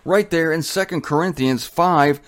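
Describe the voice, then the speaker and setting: A man's voice: on the high side, normal speed. A man preaching a sermon in a blunt, colloquial and emphatic way.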